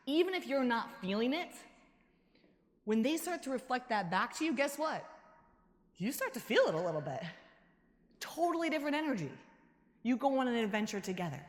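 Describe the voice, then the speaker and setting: A woman giving a motivational keynote talk, an animated storyteller who acts out quotes with a lively voice and laughs between stories. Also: a little high, brisk, pauses often. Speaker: keynote speaker. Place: large conference hall. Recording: echoey hall reverb.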